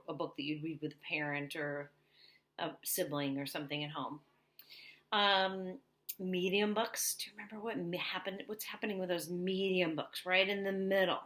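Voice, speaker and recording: Animated woman teaching little kids. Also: medium pitch. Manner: animated, sing-song, talking to little kids. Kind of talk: online reading lesson for young children.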